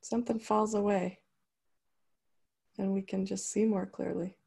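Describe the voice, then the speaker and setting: A woman's voice: mid-range voice, little pitch movement, unhurried, creaky, mellow, breathy edge. A woman in casual conversation, speaking thoughtfully and searching for her words. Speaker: conversation partner.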